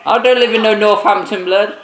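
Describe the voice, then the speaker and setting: A man's voice: sits high, steady tone, fairly quick, roomy sound, background noise. Brash young man taunting on a prank call. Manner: brash, taunting, swears freely. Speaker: prank caller.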